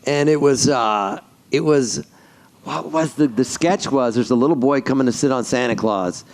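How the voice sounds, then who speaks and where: A man, a voice actor on a convention panel, telling animated stories and jumping into character voices mid-story. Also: mid-range voice, normal speed, vocal fry.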